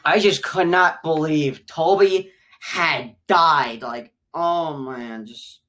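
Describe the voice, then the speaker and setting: A woman giving a casual spoken film review who rambles and repeats herself, jumping from loud excited outbursts to low mutters. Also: slow.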